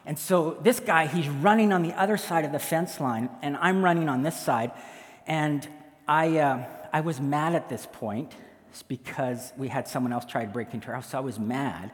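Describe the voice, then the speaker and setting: A man's voice: on the high side, normal speed, long reverb tail. A man, a pastor, telling a story in a sermon and acting out the voices of the people in it.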